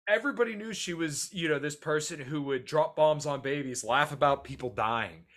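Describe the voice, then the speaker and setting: A man chatting on a podcast, animated and swearing casually, often acting out quoted voices. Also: fairly high pitch, normal speed. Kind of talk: casual chat.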